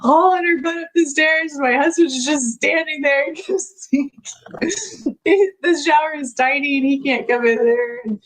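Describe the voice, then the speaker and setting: Chatty woman, slightly high voice. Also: a little slow, poor audio. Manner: chatty, laughs often, many filler words. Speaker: podcast guest. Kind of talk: casual personal storytelling.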